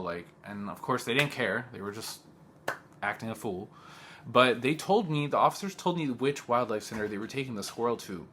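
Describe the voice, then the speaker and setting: This young man is a teacher sharing something that happened to him on a casual vlog, in a medium-pitched, fairly bright voice with slight background noise. Agitated as he talks, he leans heavily on "like" and acts out what others said.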